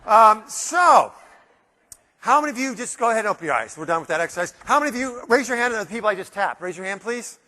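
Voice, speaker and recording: Playful high-voiced keynote speaker. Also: male voice, quick pace. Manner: animated, playful, acts out quoted voices. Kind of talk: live keynote speech with audience interaction. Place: large hotel conference room. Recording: long hall reverb in a big room.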